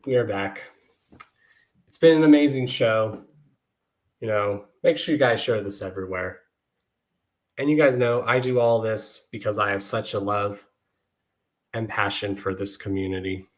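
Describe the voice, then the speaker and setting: A man's voice: lowish voice, moderate pace, pauses often. A man hosting his podcast, speaking earnestly and emotionally to his listeners, often repeating "y'all". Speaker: podcast host. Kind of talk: heartfelt podcast monologue.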